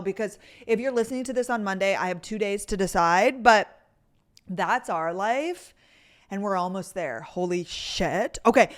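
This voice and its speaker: A young woman in her twenties hosting a podcast, chatting casually and telling stories with lots of "like" fillers. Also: medium pitch. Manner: chatty, fillers like "like", animated storytelling. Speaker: podcast host. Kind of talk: casual chat.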